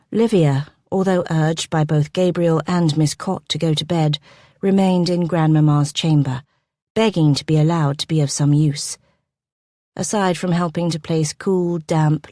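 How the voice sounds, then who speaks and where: A woman narrating a period romance audiobook, her voice fairly low and measured. The reading is expressive and recorded close and dry. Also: no room sound. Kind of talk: scripted narration.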